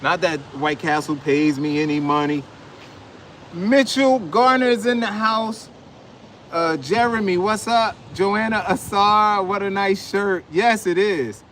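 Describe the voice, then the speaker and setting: A man's voice: high voice, takes it slowly, fairly bright tone, slight background noise. Chatty man vlogging outside on a phone. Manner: loose, chatty, talks straight to viewers. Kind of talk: casual live vlog. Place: outdoors at a city fast-food lot.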